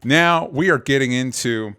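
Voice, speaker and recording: A man's voice: medium pitch, measured pace, pushed and bright, clear, resonant tone. A man hosting a podcast in casual chat, enthusiastic and talking straight to his listeners. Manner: enthusiastic, addresses listeners as "gang". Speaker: podcast host.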